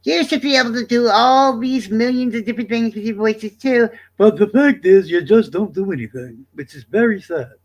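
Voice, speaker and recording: A man livestreaming, talking to his chat in a casual, profane, defensive rant that swings between loud and quiet. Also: sits high, moderate pace, few pauses.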